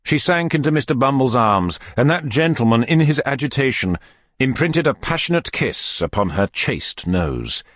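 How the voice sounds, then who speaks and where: A man narrating a classic novel as an audiobook reader, in expressive, lively storytelling. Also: mid-range voice, moderate pace, no room sound, clean studio sound.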